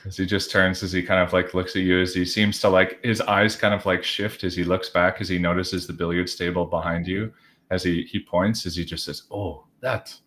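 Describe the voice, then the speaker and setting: A man's voice: deep voice, little pitch movement, a little fast, a bit bright. A man running a tabletop role-playing game, narrating in long, rambling chains of "as he just says" with lots of fillers. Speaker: game master.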